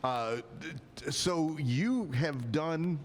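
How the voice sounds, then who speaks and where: A man's voice: fairly high pitch, lively intonation, slow pace. A man with a Texan accent hosting a casual live talk show, folksy and teasing with frequent laughs. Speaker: stand-in host. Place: outdoor backyard bar stage. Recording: long reverb.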